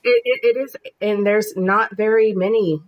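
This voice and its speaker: Woman in her forties, husky voice, brash and profane, casual podcast chat. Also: medium pitch, fairly even intonation, normal speed, muffled recording. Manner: brash, profane, combative storytelling. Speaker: podcast guest.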